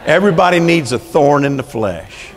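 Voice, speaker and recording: A man's voice: on the high side, animated, normal speed, big-room sound, slight background noise. A man preaching as a prison chaplain in a church, folksy and plain-spoken, building to fervent calls for an amen. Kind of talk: sermon. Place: church sanctuary.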